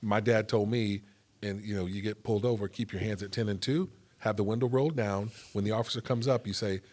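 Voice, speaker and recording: A man hosting a faith talk show, speaking earnestly and thinking out loud as he makes his points. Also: lowish voice, fairly even intonation, a little fast. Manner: earnest, thinks aloud with restarts. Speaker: host and minister.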